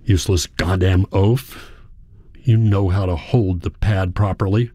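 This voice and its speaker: A man's voice: low voice, fairly even intonation, a little slow, warm tone, no echo, clean studio sound. A man voicing a harsh, bullying older father in a spoken story, snarling with scorn. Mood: scornful.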